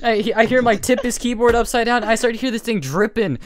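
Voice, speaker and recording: A young man casually telling a funny story to friends, swearing often and animated. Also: very high-pitched, fast talker, noisy background.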